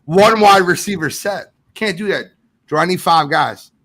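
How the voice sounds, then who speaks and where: A man hosting a casual live sports podcast, reading viewer comments aloud in an animated way. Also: sits high, normal speed. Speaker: podcast host.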